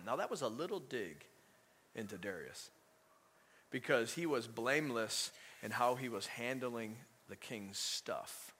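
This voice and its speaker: A man preaching a sermon in an animated, conversational way, full of rhetorical questions to the congregation. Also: medium pitch, unhurried, husky.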